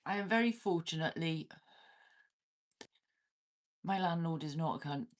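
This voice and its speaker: A Welsh woman chats loosely with her viewers on a livestream, her voice sitting a little low. She laughs a lot and swears without a second thought. She is talking from inside her cabin. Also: lively intonation, a little slow. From Wales. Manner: laughs often, swears freely, banters with chat. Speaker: livestream host. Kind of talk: casual livestream chat with viewers.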